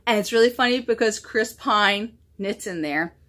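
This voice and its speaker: A woman's voice: medium pitch, moderate pace, a bit bright. A woman hosting a knitting podcast, chatting casually and gushing over her projects with self-deprecating humor. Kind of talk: casual show-and-tell chat.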